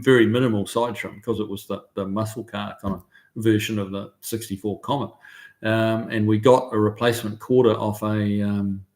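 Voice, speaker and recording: A middle-aged man with a New Zealand accent, hosting a casual live stream from his car shop, reading out viewer comments in a relaxed, chatty way full of ums and uhs. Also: on the low side, creaky.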